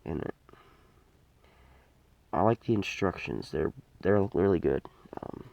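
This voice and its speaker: A man's voice: deep voice, animated, a little slow, gravelly, a little mellow, lo-fi sound, slight background noise. A man giving a casual, unscripted toy review, rambling and hesitant with many fillers and restarts.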